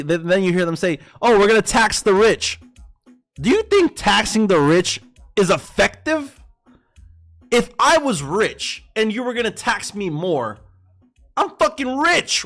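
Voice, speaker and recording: A man's voice: sits high, a bit bright. A man hosting a trading livestream, ranting heatedly and profanely and calling his viewers boys. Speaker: livestream host and forex trader. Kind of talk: casual livestream political rant.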